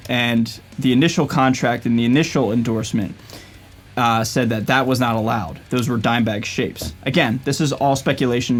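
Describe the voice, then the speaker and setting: A young man hosting a casual commentary video, stumbling and hesitant, with lots of fillers. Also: medium pitch. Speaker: YouTube host.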